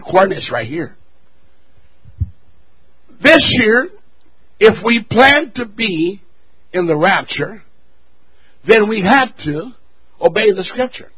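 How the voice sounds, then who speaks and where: A man preaching a sermon to his church, swelling to loud shouts and dropping to quiet asides. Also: sits high, breathy edge, lo-fi sound. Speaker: pastor.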